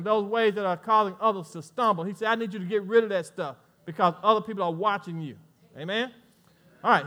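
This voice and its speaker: A man preaching a sermon as pastor, swinging between quiet asides and loud, rising exhortations. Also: high voice. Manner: preaching with swells of volume and playful asides to the congregation.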